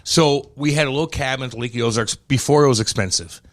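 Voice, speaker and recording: A young man with a St., co-hosting a podcast, talks fairly quickly in a mid-range voice. His casual chat is animated, story-driven, and liberally profane.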